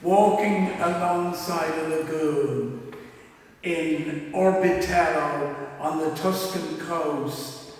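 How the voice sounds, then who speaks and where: A man's voice: fairly high pitch, drawn-out words, slight background noise. A man preaching a chatty, self-deprecating anecdotal sermon in a church, chuckling at his own jokes. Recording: echoey church hall from far off.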